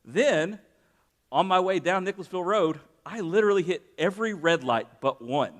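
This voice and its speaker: A pastor preaches in a conversational way, weaving scripture readings together with personal stories and raising his voice for emphasis. He speaks at normal speed in a high-pitched, animated voice.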